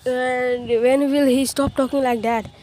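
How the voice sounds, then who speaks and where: Woman doing a fed-up mom scolding her kid, repeats herself, kinda high. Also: flat delivery, unhurried, darkish tone, a little hiss or hum. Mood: exasperated. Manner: repetitive scolding. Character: exasperated mother scolding her son.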